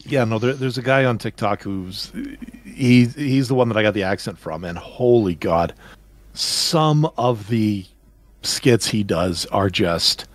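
A man's voice: fairly low pitch, a little slow, no echo. A male podcast co-host in casual chat, rambling and searching for words.

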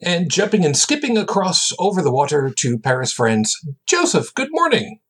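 A man's voice: fairly high pitch, big pitch swings, moderate pace, breathy edge. A man hosting a live podcast, talking in a rambling, jokey way. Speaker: host. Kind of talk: casual live podcast chat.

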